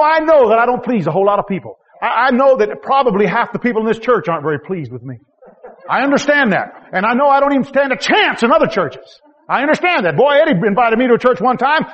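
Fervent man preaching with a lively, high voice. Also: highs cut off. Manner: swings from loud, high exhortation to low, quiet asides; folksy, self-deprecating, rhetorical questions. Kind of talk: sermon.

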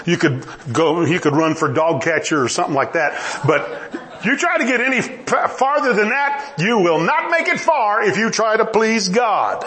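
A man's voice: moderate pace, a little hiss or hum. A man preaching a sermon, acting out dialogue and dropping humorous asides. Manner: animated, acts out dialogue with rising pitch and humorous asides.

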